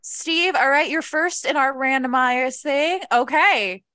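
A woman hosting a podcast party game, playful and quick to laugh. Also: sits high, sharp tone, no echo, studio quality. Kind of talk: casual group chat.

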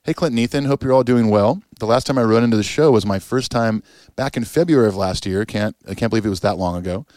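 A man's voice: on the low side, fast, darkish tone, no room sound, clean studio sound. A man co-hosting a podcast in easygoing casual chat, reading listener emails and agreeing with his partner. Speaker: podcast co-host.

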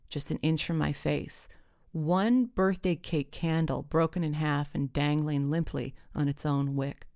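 A woman telling a comic personal story with wry, deadpan timing. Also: deep voice, unhurried, dry recording, studio quality.

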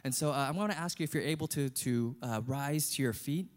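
A man's voice: medium pitch, fairly quick. A male pastor preaching a sermon in an earnest, conversational way.

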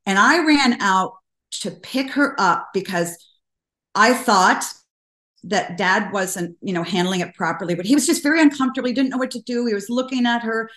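An older woman speaking as a guest in an interview, telling stories earnestly and getting animated when she quotes people. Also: mid-range voice, normal speed. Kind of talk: conversational interview. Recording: roomy echo.

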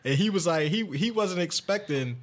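A man hosting a podcast, telling a story in casual chat, animated and profane, jumping into a high excited voice when he quotes himself. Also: normal speed. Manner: animated, swearing, acts out his own lines in a high excited voice. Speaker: podcast host.

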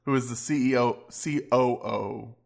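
A man's voice: mid-range voice, fairly even intonation, a little slow, gravelly. A man hosting a casual tech podcast, blunt and sweary, reading notes aloud. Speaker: podcast host. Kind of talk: casual chat.

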